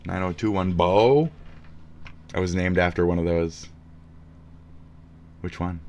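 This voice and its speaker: Streamer, male, very deep voice, rambling profane rant. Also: takes it slowly, darkish tone, muffled recording, a little hiss or hum. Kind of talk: ranting live stream commentary.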